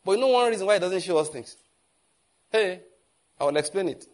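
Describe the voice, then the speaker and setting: A man with a Nigerian accent preaching a sermon, animated and asking the congregation questions. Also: high-pitched, a little fast. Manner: animated, asks the audience questions.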